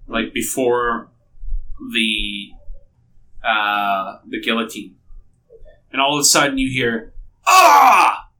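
A man narrating as game master, describing scenes in a loose, rambling way. His voice is bright and clear but set back from the mic. A faint hiss of room noise hangs behind him. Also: mid-range voice, recorded from a distance, low-quality recording.

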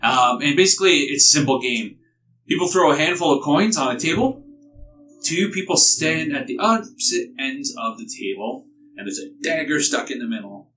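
A man's voice: on the high side, animated, normal speed, pushed and bright, distant mic, soft background music. A man narrating a tabletop game as game master, loose and rambling with many fillers.

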